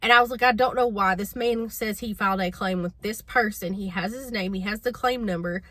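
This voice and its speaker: Woman vlogger, casual storytelling, bright clear voice, exasperated. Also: mid-range voice, brisk, dry recording. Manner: chatty, exasperated, addresses viewers as y'all.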